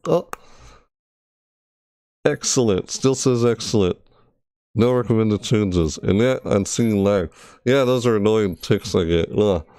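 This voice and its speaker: A man's voice: lowish voice, slow, long pauses, warm tone, clear, resonant tone, no room sound, clean studio sound. A man streaming from his computer, thinking aloud with frustration and talking to his chat, often repeating words as he tests things. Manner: repeats words over and over while testing. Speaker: gaming streamer. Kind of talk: casual live-stream commentary.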